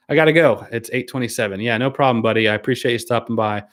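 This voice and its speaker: A man with a medium-pitched, brisk voice runs a casual live stream, reading viewer comments aloud. His answers are easygoing and hesitant, full of ums and restarts, and he laughs frequently.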